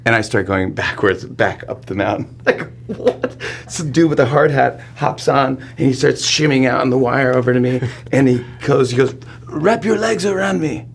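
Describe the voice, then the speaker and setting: A man in his forties, a talk show host appearing as a guest in a studio interview, who tells an excitable story, laughs often and acts out the quotes. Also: mid-range voice, moderate pace, creaky, few pauses.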